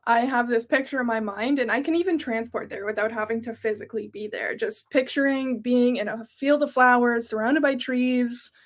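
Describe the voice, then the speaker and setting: A woman with a somewhat high voice hosts a podcast interview. She speaks in a casual, affirming way and readily agrees with and encourages her guest. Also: normal speed, few pauses. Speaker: podcast host.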